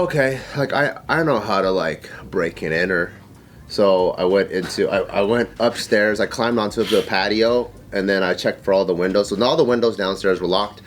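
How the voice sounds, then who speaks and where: A man's voice: fairly quick, a little hiss or hum. A man co-hosting a casual chat, telling a story and acting out the people in it. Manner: animated, acts out quotes in high voices. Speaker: podcast co-host.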